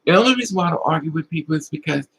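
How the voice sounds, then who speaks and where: A man's voice: on the high side, expressive, very fast, creaky, fairly bright tone, husky, rough recording. A man hosting a livestream, telling personal stories with emotion and replying to chat comments in a confiding way. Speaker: livestream host. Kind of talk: casual livestream talk, answering chat.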